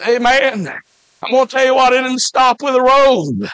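A man from Alabama, preaching a fervent revival sermon, shouting and drawing out his words with frequent "uh" fillers. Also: very high voice, animated, moderate pace, clear, resonant tone, no echo.

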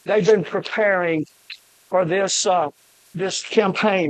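An older man preaching a fiery sermon, emphatic, with shouted peaks and rhythmic lists. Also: sits high, takes it slowly, dry recording, low-quality recording.

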